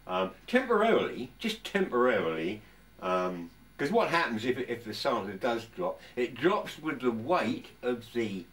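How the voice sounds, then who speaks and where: Older man, English, low voice, very lively pitch, rambling workshop chat, set back from the mic. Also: distant mic. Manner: rambling, chatty, stops and restarts often. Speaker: vlogger. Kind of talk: casual workshop chat to camera. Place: home workshop.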